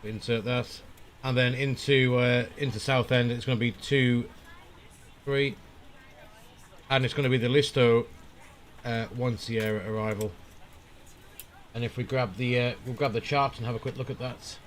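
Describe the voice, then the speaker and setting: A man's voice: mid-range voice, slight background noise. Easygoing man talking through flight checks. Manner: relaxed, thinking aloud with frequent "uh" pauses. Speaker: flight simulator streamer. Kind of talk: casual live-stream commentary.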